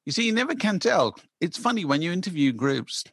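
A man's voice: high-pitched, sing-song, brisk, slightly rough, dry recording. Rambling man, dry close mic. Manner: rambling, restarts, many asides. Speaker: music podcast co-host. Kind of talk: casual chat about records.

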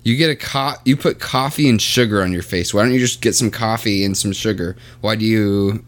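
A man's voice: lowish voice, brisk. A young man co-hosting a podcast in casual chat, teasing and playfully incredulous. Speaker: podcast co-host.

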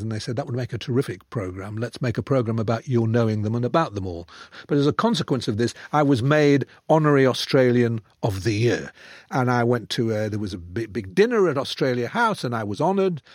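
An older man, a guest, telling a self-mocking anecdote with theatrical swings between loud and hushed delivery. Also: mid-range voice, expressive, fairly quick, dry recording, clean studio sound. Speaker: guest author. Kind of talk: storytelling anecdote in conversation.

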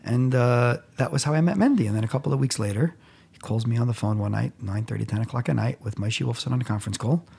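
Gravelly, husky man telling stories. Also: medium pitch, fast talker. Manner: tells stories with lively quoted dialogue. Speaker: podcast guest, nonprofit founder. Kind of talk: animated storytelling in conversation.

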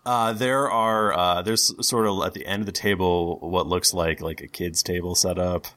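A man narrating a tabletop game as game master, halting, with frequent ums and uhs. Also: low-pitched, fairly even intonation, fairly bright tone.

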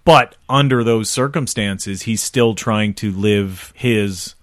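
A man casually chatting through a film commentary, relaxed and swearing, now and then joking in characters' voices. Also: lowish voice, takes it slowly, no echo, studio quality. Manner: laid-back, swearing, does jokey voices of characters. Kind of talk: casual movie commentary chat.

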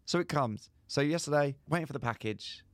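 A man's voice: fairly high pitch, a little fast, no room sound, studio quality. A young man co-hosting a podcast, telling a comic story and acting out both sides of phone calls. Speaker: podcast co-host. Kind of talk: casual storytelling chat.

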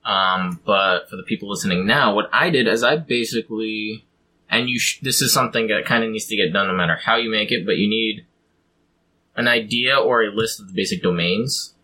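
A man's voice: on the low side, a little fast, bright, forceful tone, husky, low-quality recording. A man in casual chat, explaining how to build a fantasy pantheon, rambling with frequent ums. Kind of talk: casual chat about tabletop game design.

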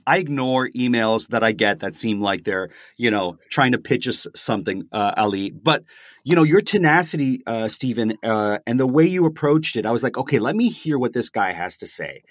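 Lively Canadian man asking questions. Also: medium pitch, no echo, studio quality. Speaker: podcast co-host. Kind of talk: casual podcast interview.

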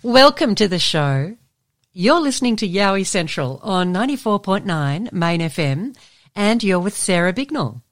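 A woman's voice: medium pitch, sing-song, normal speed. An Australian woman presenting a community radio show in a friendly, chatty way. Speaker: community radio host and guest.

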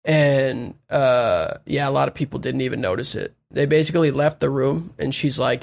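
A man's voice: mid-range voice, normal speed, creaky, few pauses. A man casually recapping an anime episode for friends, laid-back and wry. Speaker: podcast co-host recapping an anime.

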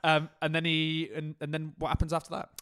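A man's voice: a little high, completely flat delivery, a little fast, fairly bright tone, clear, resonant tone, dry recording, studio quality. A man co-hosting a casual football podcast, bantering, laughing often and swearing freely. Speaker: podcast co-host.

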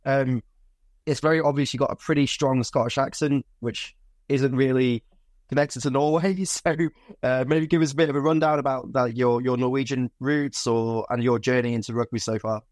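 A man's voice: medium pitch, steady tone, moderate pace, dry recording, studio quality. A man hosting a podcast, chatting casually and offering friendly congratulations. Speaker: podcast host. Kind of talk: casual interview chat.

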